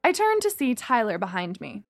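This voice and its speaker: Lively young-sounding woman storyteller. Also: fairly high pitch, moderate pace, faint music behind. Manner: lively, acting out dialogue. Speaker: narrator. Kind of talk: first-person story reading.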